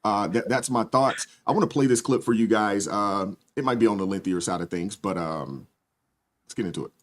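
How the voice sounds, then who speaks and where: A man hosting a live stream, reading out viewer comments in a somewhat low voice. His manner is relaxed and chatty, and he drops agreeable asides between comments. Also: brisk. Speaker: host.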